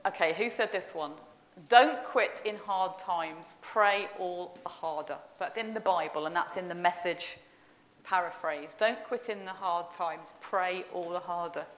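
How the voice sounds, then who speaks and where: A woman's voice: lowish voice, measured pace. Woman leading a chatty church talk. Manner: chatty and playful, quizzing the congregation. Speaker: church service leader. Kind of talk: informal all-age talk in a church service. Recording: roomy church echo.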